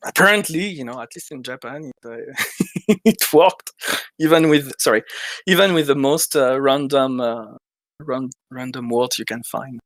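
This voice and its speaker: A man's voice: medium pitch, normal speed, fairly bright tone, no room sound. A man from France with a French accent, an indie game developer chatting in an interview, hesitant with many restarts and laughter. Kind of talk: casual interview chat.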